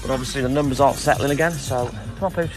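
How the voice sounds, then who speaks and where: Over music and through poor audio, a milkman speaks fast in a medium-pitched voice. Live streaming from his delivery van during a milk round, he chats casually, calls out viewers by name, and swears without restraint.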